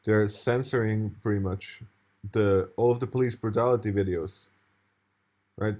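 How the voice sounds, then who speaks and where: Playing a video, a man reacts in an indignant, rambling way, cursing occasionally, laughing and restarting his sentences. His fairly low, darkish voice keeps a steady tone at a moderate pace.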